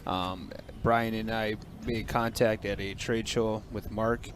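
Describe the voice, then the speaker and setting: A man hosting a fishing store's livestream in casual live commentary, upbeat with quick bursts of excitement, with a frog in his throat. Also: fairly low pitch, noisy background.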